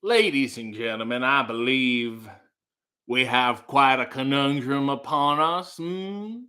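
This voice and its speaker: A man playing a pompous lawyer addressing a jury, slow and theatrical. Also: medium pitch, animated, pushed and bright. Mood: grandiose.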